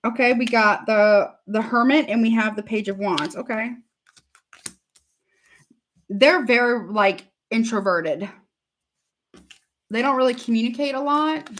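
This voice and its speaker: A woman's voice: on the high side, a little slow, long pauses. A woman giving a casual live tarot reading, chatty and repetitive, calling her viewers honey. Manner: chatty, repeats herself, calls viewers honey. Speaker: tarot reader.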